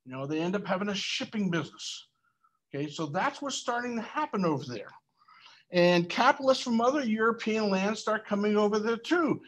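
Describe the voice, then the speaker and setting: A man teaching a history class, animated and asking students questions. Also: sits high, brisk.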